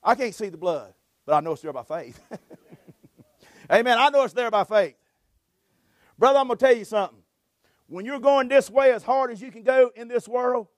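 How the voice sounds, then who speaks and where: Male preacher, very high-pitched, fervent, keeps saying amen, dry close sound. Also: dry recording. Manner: fervent, punctuates phrases with "amen" and chuckles. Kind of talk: sermon.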